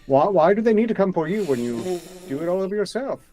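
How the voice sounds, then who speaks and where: Lively, mock-grand male co-host. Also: high-pitched, fast talker, faint music behind. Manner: dry, mock-grand, rambling asides. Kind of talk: live comedy stream.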